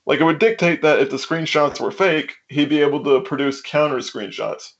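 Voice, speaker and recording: Male co-host, exasperated and profane, fairly high pitch, muffled call audio. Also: normal speed. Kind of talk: casual stream argument.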